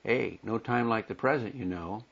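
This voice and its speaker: A man's voice: moderate pace, vocal fry, a bit bright, lo-fi sound. A man reading as a needling husband. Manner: read aloud from a script, slightly raised pitch. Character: needling husband in a scripted quarrel.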